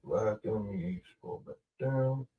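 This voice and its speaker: Slow-talking man teaching grammar in an echoey room. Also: lowish voice, animated, phone-quality sound. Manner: slow, thinking aloud, with fillers and self-corrections. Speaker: Hebrew language teacher. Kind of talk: casual teaching, explaining grammar. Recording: echoey room, distant from the mic.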